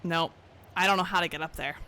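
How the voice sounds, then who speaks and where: A woman's voice: fairly low pitch, steady tone, fast, bright, forceful tone, slight background noise. Chatty woman streaming a game. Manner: chatty, laughs at herself, talks to herself. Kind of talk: casual gameplay commentary.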